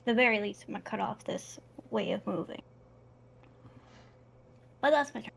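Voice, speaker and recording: A woman's voice: medium pitch, animated, moderate pace, vocal fry, husky. A woman player in a tabletop game, chatting casually and easygoing about her turn.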